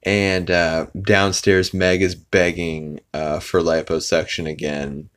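A man's voice: deep voice, little pitch movement, slow. A man hosting a podcast, casually retelling a cartoon episode in a rambling way, with lots of fillers and laughing along. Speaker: podcast host.

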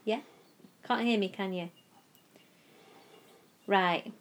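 A woman's voice: mid-range voice, very slow. A woman, co-hosting a podcast in playful, giggly casual chat. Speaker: podcast co-host. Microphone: podcast mic with headphones.

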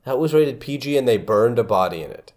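A man's voice: mid-range voice, animated, quick pace, a little mellow. A young man in casual chat as a podcast co-host, rambling, restarting his sentences and laughing often.

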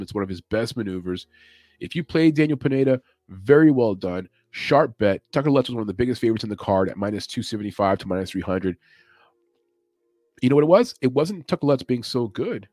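A man's voice: on the low side, expressive, fairly quick, a little mellow, dry recording. A man hosting a casual sports betting podcast, loose and chatty, thinking aloud as he goes. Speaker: MMA betting podcast host. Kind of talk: casual chat.

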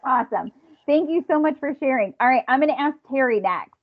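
Breathy woman hosting an interview. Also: high voice, expressive, fairly quick. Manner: encouraging, responds with short backchannels. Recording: muffled audio.

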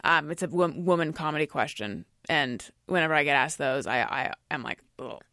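A woman's voice: deep voice, normal speed, sharp tone, no echo, studio quality. A woman hosting a podcast, asking thoughtful, hedging questions and laughing easily. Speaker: podcast host. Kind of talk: casual podcast interview.

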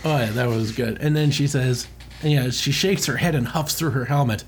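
A man's voice: mid-range voice, moderate pace, a little hiss or hum. A man co-hosting a podcast, casually retelling a comic with crude jokes and frequent swearing. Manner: animated storytelling, swears often, laughs. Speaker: podcast co-host.

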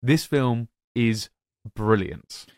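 A young man co-hosts a film-ranking podcast with infectious enthusiasm, calling out to listeners like a showman. His voice sits at a middling pitch. The sound is dry and close, with no room around it. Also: drawn-out words, no echo. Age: young adult. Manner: animated, showman-like addresses to listeners. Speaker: podcast co-host.

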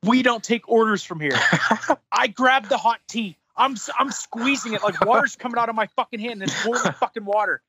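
Speaking at normal speed in an extremely high voice, a man on his podcast relives a frustrating story, swearing heavily and getting heated in a profane, animated, casual retelling.

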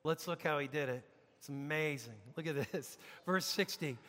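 A man preaching a sermon as pastor, emphatic, dropping to a hush and rising to loud peaks. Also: a little high, moderate pace. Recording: long reverb of a large hall.

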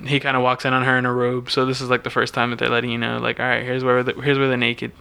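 A man chatting on a podcast, retelling a film in loose casual talk and slipping into the characters' lines as he goes. His voice is bright and crisp, at an ordinary middle pitch. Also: fast. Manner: animated retelling, acting out dialogue. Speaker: podcast co-host. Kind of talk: casual chat recapping a movie.

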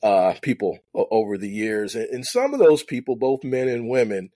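A man's voice: mid-range voice, lively intonation, normal speed, warm tone, no echo. A man hosting a podcast, asking questions in a hesitant way with frequent restarts. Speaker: podcast host. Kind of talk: interview questions.

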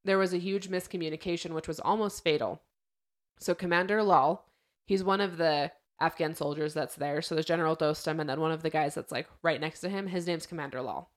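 A young woman chats casually as a podcast host, with a fairly low voice. She retells events in a loose, lively way and acts out what people said. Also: fairly quick. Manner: chatty storyteller, acts out quotes.

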